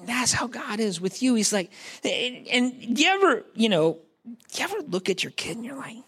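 A man's voice: very high-pitched, big pitch swings, moderate pace, a bit bright, breathy edge. A man preaching a sermon in a conversational, joking way, talking straight to the congregation. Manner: acts out quoted voices. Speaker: pastor.

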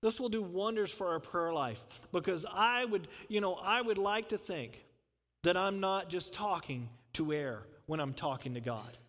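A man's voice: high-pitched, expressive, normal speed, fairly bright tone, long reverb tail. A man preaching a conversational sermon, full of asides and rhetorical questions. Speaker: pastor.

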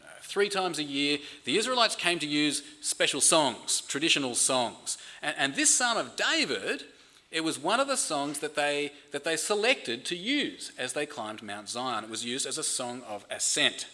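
A man's voice: a little high, lively intonation, moderate pace, pushed and bright. A man preaching a sermon in an earnest way, often repeating words as he builds emphasis. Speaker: pastor.

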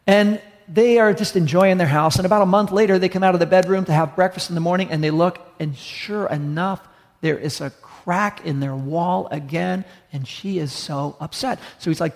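Gravelly man preaching in a reverberant hall. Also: a little high. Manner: storytelling, acts out dialogue, slows for emphasis. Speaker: pastor. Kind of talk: sermon.

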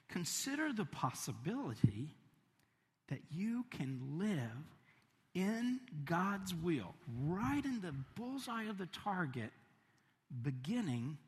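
A man preaching a sermon, animated, swinging between emphatic lines and hushed, soft ones. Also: high-pitched, takes it slowly. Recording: long reverb of a large hall.

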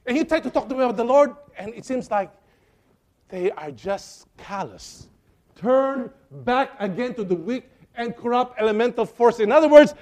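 High-voiced preacher. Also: male voice. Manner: impassioned and pleading, with sudden swings between loud and soft. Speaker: pastor. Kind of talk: sermon.

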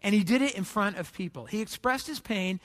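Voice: medium pitch, animated, a little fast. A pastor preaching a sermon in a conversational storytelling way, with frequent restarts and rhetorical questions to the congregation. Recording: long hall reverb.

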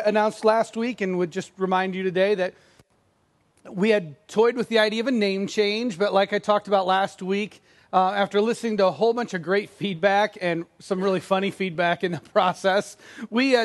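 Casting: middle-aged male pastor, high-pitched, chatty and self-deprecating in the pulpit. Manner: conversational, self-deprecating, acts out quoted lines. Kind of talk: sermon.

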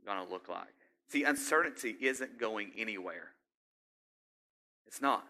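A middle-aged man preaching a sermon in a conversational way, often asking the congregation questions and building to loud exhortation. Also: on the low side, lively intonation, measured pace, long pauses. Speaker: pastor.

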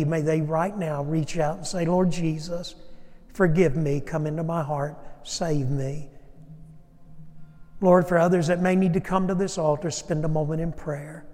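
A man's voice: a little high, steady tone, brisk, darkish tone. Preacher man in a reverberant church. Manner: earnest preaching, talks directly to congregation by name. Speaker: pastor. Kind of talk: sermon with altar call. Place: church sanctuary.

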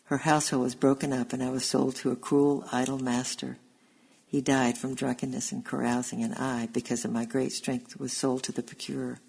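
Storybook role: male reader plays a soft-spoken, sad gladiator, slow and gravelly, with a foreign lilt. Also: mid-range voice, level tone, poor audio. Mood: gentle, weary. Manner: speaks slowly with a foreign accent. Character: gentle sad giant gladiator, grown man, captive from afar.

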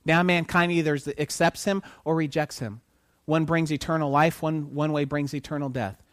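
A man preaching a sermon who keeps asking his listeners questions and pauses for their answers, swinging from quiet to loud for emphasis. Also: a little high, flat delivery, dry recording, clean studio sound.

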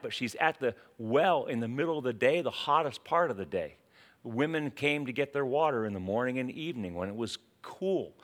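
A man with a medium-pitched, slightly bright voice preaches a sermon conversationally, telling a personal story and frequently restarting his sentences.

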